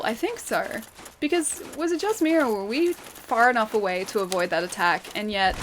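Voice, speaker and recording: Australian woman game streamer, chatty and quick to laugh, on a noisy recording. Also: medium pitch. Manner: chatty, laughs often, thanks viewers while playing. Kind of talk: live gameplay commentary. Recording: steady background noise.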